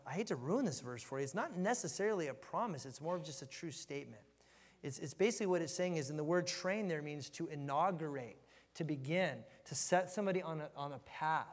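A man's voice: on the high side, a little fast. A man in his thirties giving a casual, joking verse-by-verse Bible teaching in a church hall. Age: 30s. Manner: conversational, joking, animated storytelling. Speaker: preacher. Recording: long hall reverb.

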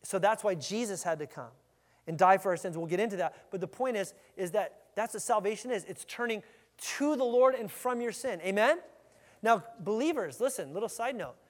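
A man's voice: high-pitched, lively intonation, normal speed, long reverb tail. A man preaching a sermon as pastor, talking energetically and emphatically, often restarting his words.

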